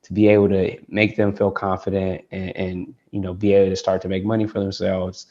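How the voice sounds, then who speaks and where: A man's voice: low-pitched, monotone, brisk, warm tone. A man from Detroit, a tech founder being interviewed, talking casually and rambling with lots of "like" and restarts. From Detroit, United States. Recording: dull lo-fi call audio.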